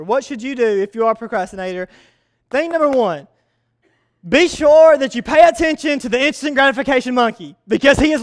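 A man preaching a sermon as a youth pastor, telling stories with energy and repeating his key phrases. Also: high-pitched.

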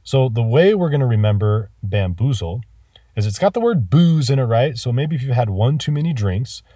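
A man teaching a vocabulary lesson, enthusiastic about words and spelling them out slowly. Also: mid-range voice, very animated, dark tone, breathy edge, dry recording, studio quality, far from the mic.

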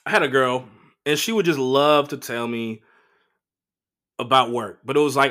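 Brief: male comedian host, solo chat, a touch high, bright and punchy, swears freely. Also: brisk. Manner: profane, animated storytelling with voiced quotes. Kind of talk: casual solo monologue.

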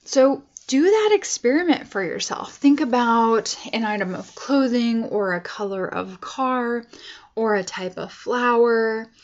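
A woman's voice: on the high side, muffled recording. A woman life coach giving a casual motivational talk to her viewers, earnest and chatty with tough-love asides.

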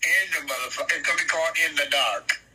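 A brash young man with a piercing, very bright voice that sits a touch high for a man. He rattles off loud, profane teasing in a casual podcast chat. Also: quick pace, slight background noise, low-quality recording. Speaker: podcast co-host.

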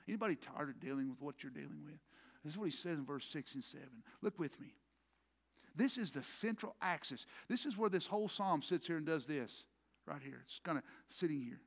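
A man preaching a sermon as pastor, swinging from quiet murmurs to loud impassioned peaks. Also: a little high, expressive, brisk, creaky. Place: church sanctuary.

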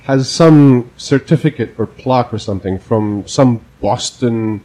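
Animated, profane man telling a story. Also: mid-range voice, unhurried, poor audio. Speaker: podcast co-host. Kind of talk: casual storytelling chat.

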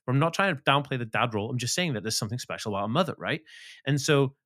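Fast-talking, swearing man. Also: medium pitch. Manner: swears often, animated and emphatic. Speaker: podcast guest. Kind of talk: casual interview talk.

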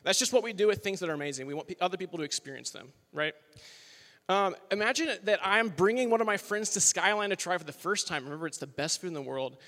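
High, bright young male preacher. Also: expressive, fast talker. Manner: chatty and upbeat, full of "like" and "you know". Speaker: worship leader preaching. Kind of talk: casual, joking sermon to college students. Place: large worship hall with live audience. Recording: long hall reverb.

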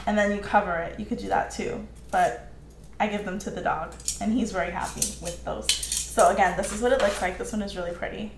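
A woman's voice: mid-range voice, a little hiss or hum. A woman chatting casually while she cooks in her home kitchen, laughing often and reading out viewers' comments. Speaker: home cook live-streaming. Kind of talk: casual cooking stream chat. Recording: echoey kitchen with faint clatter.

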